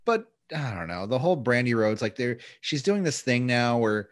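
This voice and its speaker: A man's voice: mid-range voice, very animated, moderate pace, no echo, clean studio sound. A man hosting a casual podcast chat, loose and profane, often slipping into mock voices. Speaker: podcast host.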